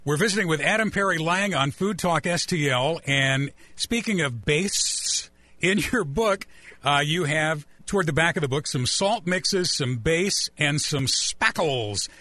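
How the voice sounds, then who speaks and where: A man's voice: a little high, lively intonation, unhurried, sharp tone, no echo. A male radio host leading a live interview and reading announcements in an upbeat, friendly way. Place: radio studio. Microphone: studio mic.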